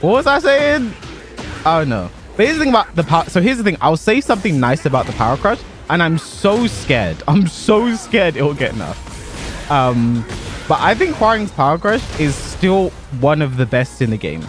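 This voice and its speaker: A young man chatting casually about a fighting game while he plays, animated and given to exaggeration, laughing at himself now and then. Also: a little high, moderate pace, soft background music. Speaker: pro fighting game player and content creator. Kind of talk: casual commentary over gameplay.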